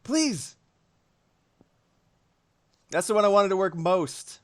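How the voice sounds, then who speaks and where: A man chatting casually on a live stream while he draws, animated and swearing freely, with quick asides. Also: sits high, clear, resonant tone.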